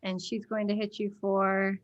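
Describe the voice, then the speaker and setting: A woman narrating as game master of a tabletop game, laughing often and pausing on fillers as she describes the action. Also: medium pitch, flat delivery, muffled recording. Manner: unhurried, giggly, halting with fillers.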